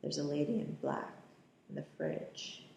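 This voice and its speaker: A woman's voice: low-pitched, a little slow, vocal fry, dark tone, reverberant, a little hiss or hum. A woman giving a casual running commentary on a film, describing scenes and throwing in wry, sarcastic asides.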